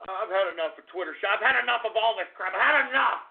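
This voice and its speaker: Gravelly radio host guy ranting and yelling, sounds like it's over a phone line. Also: sits high, fast. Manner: exasperated, shouting, rambling. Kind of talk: ranting comedic radio monologue. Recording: tinny phone-like lo-fi audio.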